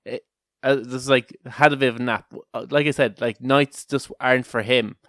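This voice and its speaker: A man's voice: medium pitch, fairly even intonation, normal speed, fairly bright tone, no room sound, clean studio sound. A man co-hosting a casual podcast, joking around, laughing often and telling rambling stories. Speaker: podcast co-host.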